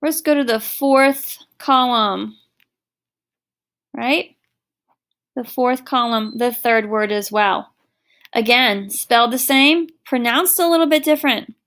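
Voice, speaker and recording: A middle-aged woman teacher records an online lesson for her students. She speaks at an unhurried, deliberate pace in a slightly high voice. She explains patiently, leaning on everyday examples. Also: fairly bright tone.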